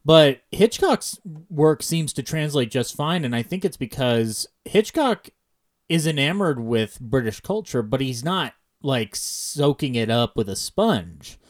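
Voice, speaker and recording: A man's voice: mid-range voice, animated, measured pace. Rambling American man talking films. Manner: digressive, thinks aloud with many restarts. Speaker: podcast co-host. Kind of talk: casual film podcast chat.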